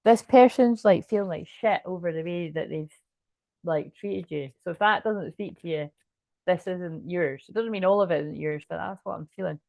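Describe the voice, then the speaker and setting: A woman talks through a tarot spread in a loose, rambling way, often restarting her sentences and dropping swear words. Her voice sits a little low for a woman. The sound is dry, with no room echo. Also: normal speed, creaky, a little mellow. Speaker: tarot reader. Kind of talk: casual tarot card reading.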